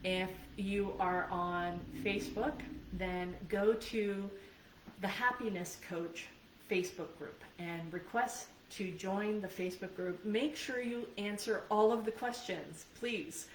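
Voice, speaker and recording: A woman coach leads a live video training at a slow pace in a mid-range voice, earnest and conversational, frequently checking in with her listeners. She works as a life and business coach. The mic is distant, so the sound is roomy with faint background noise.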